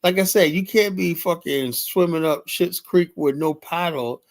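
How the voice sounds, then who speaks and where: A man's voice: on the high side, measured pace. A man hosting a casual live stream, talking off the cuff in a loose, rambling way. He addresses viewers by name and breaks into laughter as he goes. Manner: rambling, laughs often, talks to chat by name.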